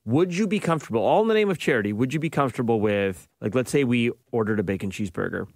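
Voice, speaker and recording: A middle-aged man co-hosting morning radio, full of teasing, upbeat banter. His voice sits at an ordinary pitch. It is recorded close and dry on a studio microphone. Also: animated, quick pace, darkish tone, no room sound. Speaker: radio show co-host.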